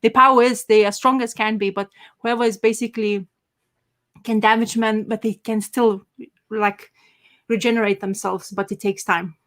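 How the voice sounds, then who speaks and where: A woman's voice: medium pitch, fairly even intonation, normal speed, a bit bright. A woman chatting casually as a podcast co-host, rambling with enthusiasm and many fillers and restarts. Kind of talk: casual chat.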